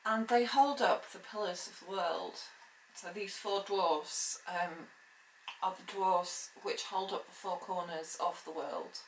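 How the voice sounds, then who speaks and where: A woman talks through a lesson slowly and deliberately, pausing on hesitant ums as she explains. Her voice sits at an ordinary middle pitch. The recording is roomy and echoey, with faint ambience behind her. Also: slight background noise. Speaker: witchcraft teacher. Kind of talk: informal spoken lesson.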